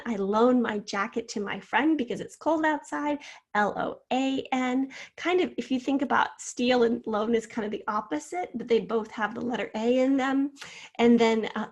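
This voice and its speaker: A woman teacher giving a spelling lesson to children, sounding out words and spelling them letter by letter. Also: on the high side.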